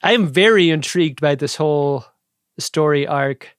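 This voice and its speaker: A man chats as a podcast co-host, his voice sitting a touch high. He talks in an animated, jokey way and drops into quick impressions. The sound is dry and close, with no room around it. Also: clear, resonant tone, no room sound. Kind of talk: casual chat.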